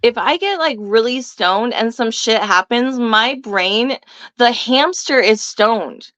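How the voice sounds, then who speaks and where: A woman's voice: fairly high pitch, expressive, slow pace, fairly bright tone, dry recording. Brash, profane woman telling stories. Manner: brash, profane, laughs often. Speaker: guest. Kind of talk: casual storytelling chat.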